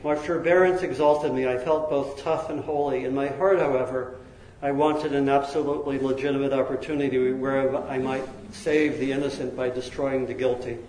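A man narrating a story in a lively, expressive way, now and then laughing between lines. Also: medium pitch, normal speed, slight background noise. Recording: roomy echo.

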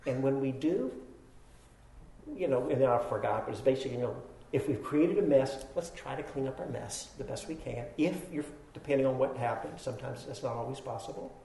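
A man's voice: mid-range voice, a little fast, warm tone, reverberant, a little hiss or hum, rough recording. A man giving a dharma talk, telling a self-deprecating personal story with laughs and then teaching. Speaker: meditation teacher.

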